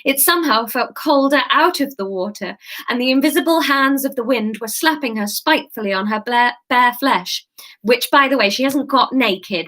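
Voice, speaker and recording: A woman's voice: fairly high pitch, moderate pace, fairly bright tone. A woman hosting an interactive live-stream story, reading it aloud and breaking off for chatty asides to viewers. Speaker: host and storyteller.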